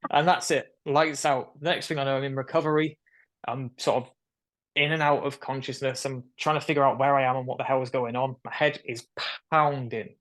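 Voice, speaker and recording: A man's voice: mid-range voice, normal speed. A young man, telling the story of his surgery as a guest on a video call, acting out the voices of the people in it. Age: young adult. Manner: animated storyteller who acts out quoted voices. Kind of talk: casual storytelling interview.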